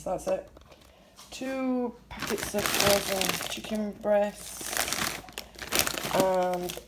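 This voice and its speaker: A woman's voice: fairly low pitch, very noisy. An older woman vlogging, chatting casually as she lists her shopping item by item. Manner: chatty, listing items one by one. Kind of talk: casual shopping haul narration.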